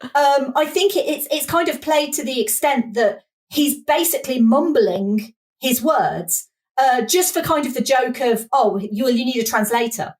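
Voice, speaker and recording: Podcast guest, English woman, Midlands accent, animated, swooping high voice. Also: unhurried. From England. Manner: animated, laughing, quotes lines in character voices. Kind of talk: casual chat.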